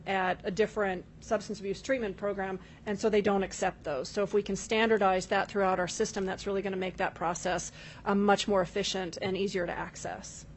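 A woman official giving formal testimony at a legislative hearing, measured and full of filler ums, addressing the chair. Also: medium pitch, a little hiss or hum. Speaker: state corrections official testifying.

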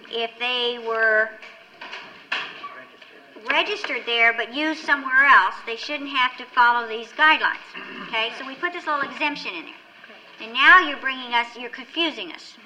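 A middle-aged woman chairing a legislative committee hearing, brisk and directive as she runs the meeting. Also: a little high, pushed and bright, a little hiss or hum, rough recording.

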